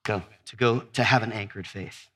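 A man's voice: on the low side, fairly even intonation, normal speed, pushed and bright, breathy edge. A man preaching to a live audience, with call-and-response and exuberant whoops as he acts out scenes.

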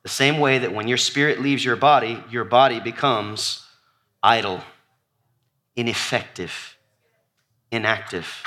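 Standing before his congregation in church, a pastor preaches with animation in a mid-range male voice, unhurried and full of long pauses. His repeated lists drop almost to a whisper, and he shouts out appeals to the listeners.

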